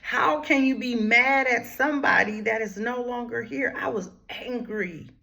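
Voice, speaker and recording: A woman therapist hosts a heartfelt talk on grief, with a voice pitched a little high. She speaks straight to her listeners, often calling them "y'all," in a preacher-like rhythm. She drops to near whispers and then rises with force. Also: measured pace, vocal fry. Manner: swings from hushed whispers to raised, forceful lines. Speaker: grief therapist and channel host.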